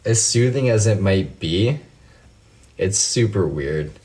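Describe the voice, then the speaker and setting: A man's voice: sits low, lively intonation, slow, darkish tone. A man hosting a casual livestream, answering viewers' comments by name and launching into heated, profane rants. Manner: talks straight to viewers by name. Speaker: livestream host.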